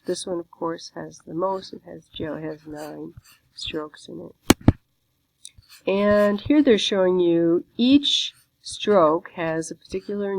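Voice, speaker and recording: A woman's voice: fairly low pitch, no room sound, low-quality recording. A woman teaching a beginner Chinese lesson, walking through a textbook page by page in a patient, explanatory way.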